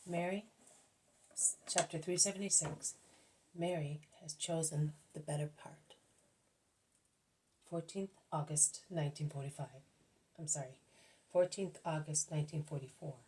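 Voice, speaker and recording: A woman reading a devotional book aloud at a careful, measured pace, now and then correcting herself. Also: sits low, steady tone, dark tone, a little hiss or hum, rough recording. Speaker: audiobook reader.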